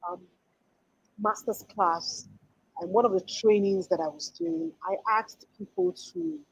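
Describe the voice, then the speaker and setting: A woman's voice: mid-range voice, big pitch swings, a little slow, creaky, husky, rough recording. A woman in her forties giving an earnest, emphatic motivational talk as a life coach, often restarting her sentences.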